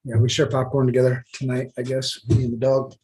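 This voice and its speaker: A man co-hosting a podcast in casual chat, loud, blunt and swearing freely. His voice sits at a middle pitch. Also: monotone, brisk. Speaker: podcast co-host.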